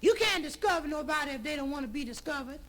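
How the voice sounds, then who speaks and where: A man voicing a sassy young woman who scolds the sailors from the beach, in a high put-on voice, on a crackly vinyl comedy record. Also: animated, fast. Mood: scolding.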